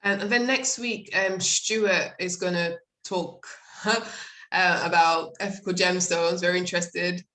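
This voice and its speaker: Woman host, lowish voice, casual and chatty, video-call sound. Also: steady tone, a little slow, a bit bright. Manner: chatty, with frequent fillers and laughter. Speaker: host of an online jewellers' network talk.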